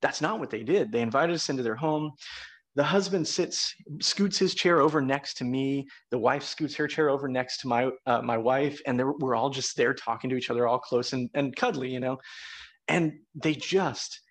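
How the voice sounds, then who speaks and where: A man's voice: mid-range voice, moderate pace, a bit bright. A middle-aged man hosting a podcast, telling stories in a loose, rambling way full of fillers. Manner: rambling storyteller, frequent uh and you know. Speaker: podcast host. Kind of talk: casual conversation.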